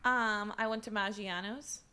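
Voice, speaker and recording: A woman's voice: medium pitch, fairly even intonation, a little slow, pushed and bright. A woman in her twenties, a guest on a casual podcast, talking in a friendly, easygoing way. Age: 20s. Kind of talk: casual chat.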